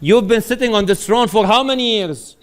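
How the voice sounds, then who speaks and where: A man's voice: high voice, expressive, a little fast, pitched above the performer's own voice. A man voicing a wise holy fool who earnestly warns a ruler. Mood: warning.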